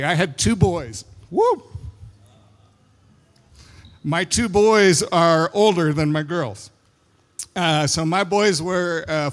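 Male pastor preaching in a reverberant hall. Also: on the high side. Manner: storytelling with acted quotes, laughs at his own stories. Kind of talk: sermon.

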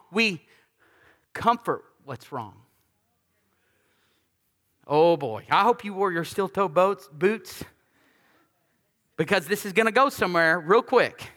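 Bright, high-voiced male preacher in a big hall. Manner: lively, conversational preaching with humor and asides; repeats key lines for emphasis. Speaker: pastor. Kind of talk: sermon.

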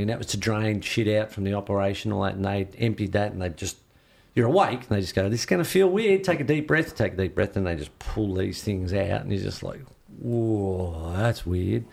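A man's voice: on the low side, a little fast, creaky. A man in an interview, casually telling a story and acting out what others said to him. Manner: lively, acts out what others said. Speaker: interview guest.

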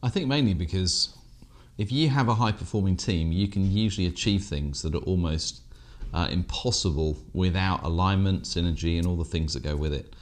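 A man's voice: sits low, fairly quick. A British man from England co-hosting a business podcast, chatting casually with dry, self-deprecating humour. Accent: British English. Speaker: podcast co-host.

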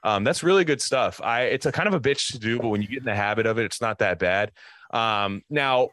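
A young man co-hosting a podcast, chatting casually in a loose, profane, animated way. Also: lowish voice, a little fast. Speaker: podcast co-host. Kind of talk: casual chat.

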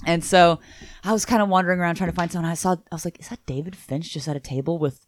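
Animated, swearing woman storyteller. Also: on the low side, racing. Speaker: podcast co-host. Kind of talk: casual chat.

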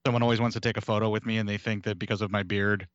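Flat-voiced, matter-of-fact male podcast guest. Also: on the low side, very fast, no echo, lo-fi sound. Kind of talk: casual podcast chat.

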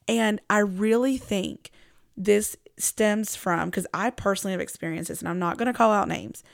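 Woman, Christian podcast host, gravelly voice, earnest and conversational, dry close-mic sound. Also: medium pitch, normal speed, no echo. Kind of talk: casual devotional podcast talk.

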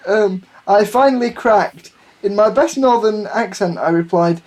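A man's voice: sits high, a little slow, darkish tone. A man reading a listener's story aloud on a comedy podcast, laughing at it as he goes. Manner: giggly, keeps breaking into laughter.

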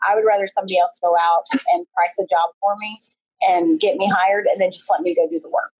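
Casting: woman, husky voice, chatty guest storyteller on a video call. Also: fairly low pitch, steady tone, fast talker, a little mellow, low-quality recording. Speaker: guest, painting business owner. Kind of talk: casual conversational interview. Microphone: remote video call.

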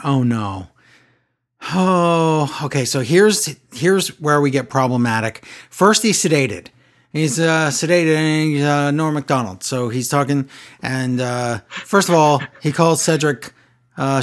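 Man, podcast co-host, casual recap chat, animated, acts out quotes, mid-pitched voice.

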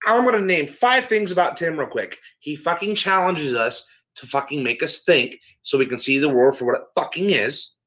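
A man with a somewhat high voice co-hosts a casual chat. He talks emphatically and swears in nearly every sentence. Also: normal speed, few pauses, a bit bright.

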